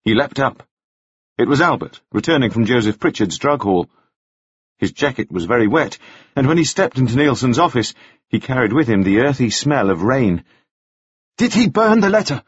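A man narrating an audiobook with a very expressive delivery. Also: mid-range voice, moderate pace, slightly rough, no echo. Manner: very expressive, wide-ranging delivery. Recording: dry, slightly dull audio.

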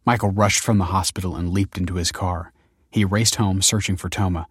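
A man reading a story aloud in measured, scripted audiobook narration. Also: deep voice, steady tone, slightly rough, dry recording, clean studio sound.

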